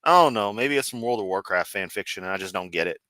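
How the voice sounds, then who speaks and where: A man giving sarcastic, profane reaction commentary on a video he is watching, with deadpan asides. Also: sits low, quick pace.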